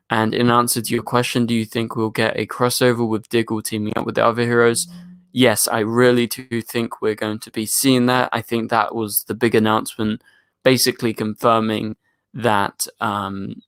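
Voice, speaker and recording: Deep-voiced British man hosting a stream. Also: flat delivery, normal speed, a bit bright, clear, resonant tone. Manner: chatty, thanks viewers and answers chat questions. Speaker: live stream host. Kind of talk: casual live stream chat. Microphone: studio microphone.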